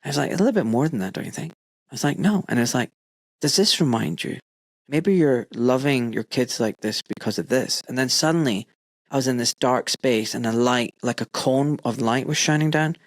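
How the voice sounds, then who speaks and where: A man's voice: mid-range voice, normal speed, no echo. Forties male host, heartfelt storyteller who voices his own lines, dry booth sound. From United Kingdom. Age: 40s. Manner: emotional storytelling, acts out his own quotes. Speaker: podcast host. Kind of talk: casual chat.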